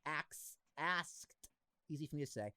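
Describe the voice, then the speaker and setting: A man's voice: a little high, animated, quick pace, a bit bright, no echo, clean studio sound. A young man from Boston with a slight Boston accent, hosting a casual podcast chat and cracking jokes as he talks over his guest. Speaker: podcast host.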